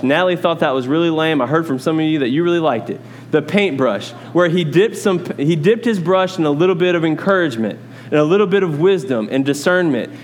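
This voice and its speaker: A man's voice: a little high, a little hiss or hum. Man preaching a casual Bible sermon. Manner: teaching Bible study, conversational asides to congregation. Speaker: pastor.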